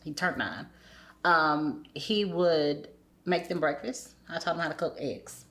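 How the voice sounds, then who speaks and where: Woman with a low voice chatting openly, acting out what people said to her. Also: a little slow, a bit bright. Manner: acts out remembered dialogue in varied voices. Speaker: podcast guest. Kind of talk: candid conversational storytelling.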